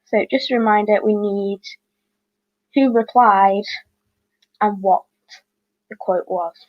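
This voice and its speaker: A woman reading out quiz questions as host, with chatty, apologetic asides and quick self-corrections. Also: mid-range voice, fairly even intonation, no echo, narrow, tinny audio.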